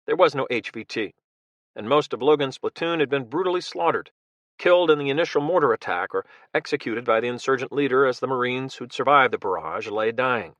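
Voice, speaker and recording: A man reading a thriller audiobook in a steady, measured narration. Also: mid-range voice, dry recording, lo-fi sound.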